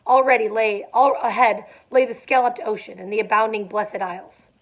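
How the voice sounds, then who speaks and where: A young adult woman reading a novel aloud in a slightly high voice. She stops now and then for casual, filler-laden asides. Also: steady tone, normal speed. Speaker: reader.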